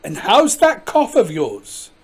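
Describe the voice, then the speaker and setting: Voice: mid-range voice, wildly swooping pitch, slow pace, husky, exaggerated voice. A storybook reader voicing a practical woman doctor who coaxes a cat. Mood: coaxing.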